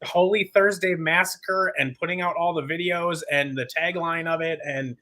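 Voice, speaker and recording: Bright-voiced impassioned male guest. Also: fairly high pitch, fairly even intonation, moderate pace. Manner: impassioned, rambling, sarcastic. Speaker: podcast guest. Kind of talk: casual podcast chat.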